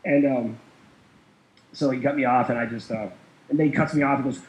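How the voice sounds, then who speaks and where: A man's voice: mid-range voice, steady tone, a little fast, long pauses, slight background noise. A man telling a long story in casual chat, rambling with many fillers and small chuckles. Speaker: guest. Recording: roomy, dull lo-fi sound.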